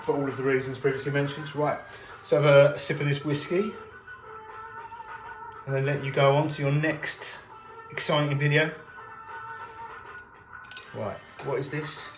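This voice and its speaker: A man hosts a live stream from his jewellery workshop, talking in a loose, rambling, wry way as he works. The room sounds open and echoey, with music playing clearly in the background. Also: a little high, little pitch movement, unhurried, pauses often. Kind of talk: casual chat while working.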